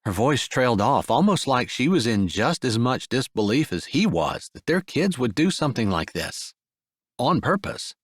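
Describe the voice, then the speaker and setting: The clip features a man's mid-range voice at a moderate pace, narrating a scripted sweet romance audiobook. His storytelling is gentle and expressive, and the studio sound is clean with no echo.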